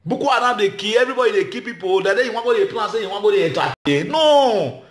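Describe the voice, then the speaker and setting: Nigerian Pidgin-speaking male comedian, high voice, passionate speech in a roomy space. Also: very fast, a bit bright. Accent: Nigerian Pidgin English. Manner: emphatic, repetitive, shifts between Pidgin and English. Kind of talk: impassioned speech to a gathering.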